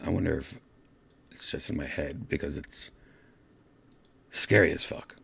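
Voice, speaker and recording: A man's voice: a bass voice, unhurried, vocal fry, bright, forceful tone, slight background noise. A man hosting his own show, telling a rambling story and putting on voices for the people in it. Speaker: podcast host. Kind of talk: casual storytelling vlog.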